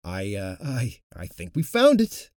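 A man's voice: fairly high pitch, huge pitch swings, slow pace, dark tone, husky, no room sound, studio quality, pitched above the performer's own voice, full character voice. A man voicing a blunt, commanding police detective. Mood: stammering. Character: brash male police detective.

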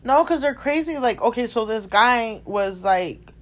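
A woman's voice: a little high, unhurried. Chatty young woman telling a work story. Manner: animated storytelling, swears, says "dude" and "like" often. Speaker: store clerk telling a story. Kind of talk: casual chat.

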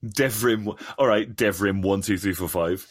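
A man's voice: lowish voice, a little slow. A man with an English accent co-hosting a podcast in casual chat, swearing freely and joking around. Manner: swears freely, laughing banter. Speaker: podcast co-host.

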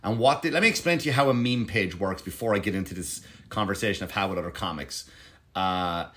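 A man's voice: low voice, brisk, fairly bright tone. A man who does stand-up comedy, talking casually to camera in a digressive, profane way, with frequent false starts. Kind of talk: casual rambling monologue to camera.

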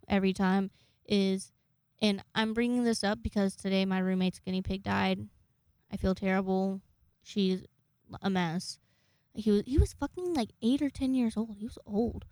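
A woman's voice: medium pitch, a little mellow, no room sound, studio quality. A young woman in her twenties telling rambling, jokey, profane stories to camera in a casual vlog. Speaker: vlogger.

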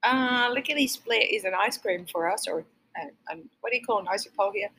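A woman's voice: medium pitch, brisk, pushed and bright, slight background noise, rough recording. A woman with an Australian accent, chatting casually and teasing her co-host, laughing often. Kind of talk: casual chat.

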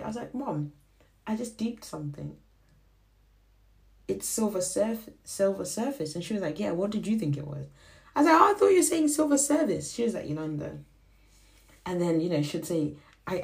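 A young woman whose first language is Shona hosts a podcast, telling a faith reflection in a casual, animated way and acting out the voices she quotes. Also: deep voice, vocal fry. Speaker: podcast host.

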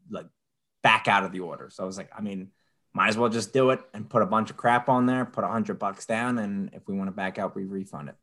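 A man co-hosting a podcast, telling a story with lively asides and mocking impressions of people. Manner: animated storyteller, mimics people in high voices. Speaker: podcast co-host. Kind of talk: casual chat.

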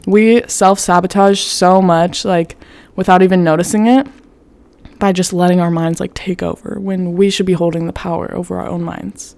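A young woman with a low, mellow voice talks straight into a self-help podcast. She is blunt and candid, swears freely and strings her thoughts together with "like". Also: steady tone, normal speed, dry recording. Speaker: podcast host. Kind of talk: casual self-help monologue.

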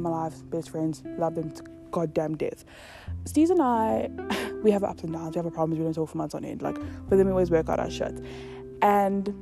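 A young woman from South Africa talking candidly in a casual podcast monologue, swearing freely and filling her talk with "like". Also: mid-range voice. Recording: guitar music playing behind. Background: guitar music.

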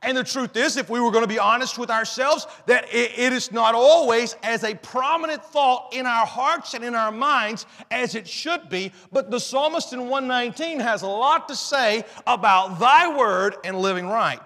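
High-voiced man preaching in an echoey hall. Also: normal speed, hardly any pauses, sharp tone. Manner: earnest, repeats and restarts phrases, quotes scripture. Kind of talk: sermon. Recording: long reverb in a hall.

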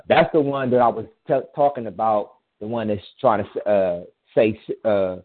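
A man's voice: lowish voice, moderate pace. A man in casual chat, telling a personal story in a rambling, emphatic way with frequent restarts. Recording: tinny phone-line sound.

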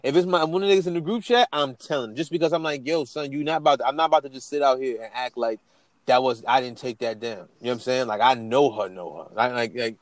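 A man's voice: mid-range voice, fast talker, no room sound. A man co-hosting a podcast in casual chat, slangy, with stammering restarts. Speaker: podcast co-host.

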